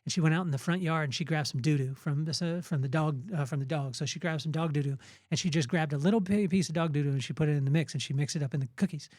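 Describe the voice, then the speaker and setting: A man's voice: a little high, quick pace, a little mellow, dry recording, studio quality. A middle-aged man hosting a podcast. He gives an earnest, emphatic motivational talk on faith in a conversational way. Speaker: podcast host.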